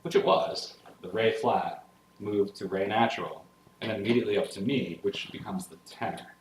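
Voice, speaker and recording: With a piano playing clearly behind him in a roomy, echoing space, a man lectures a class on music theory. His voice is fairly low and his pace normal, with a little hiss or hum on the recording. He breaks passages down step by step in solfege, checking enthusiastically with his listeners and bringing real energy to the music.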